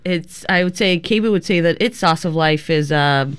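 A woman co-hosting a community radio show, unhurried and a bit hesitant, with frequent ums and chuckles. Her voice is smooth and clear, at a middle pitch. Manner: relaxed, hesitant, plenty of ums and laughs. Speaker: radio co-host. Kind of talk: casual on-air chat. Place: radio studio.

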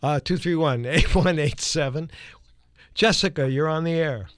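A man's voice: a little high, normal speed, a bit bright, no echo. Dry, wry radio call-in host, man. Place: radio studio.

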